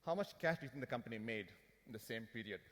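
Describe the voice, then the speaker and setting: A man giving an animated, joking finance seminar talk to a conference audience, firing questions at the crowd. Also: medium pitch, fast talker. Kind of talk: lively business seminar talk. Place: conference hall. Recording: hall reverb from a conference room.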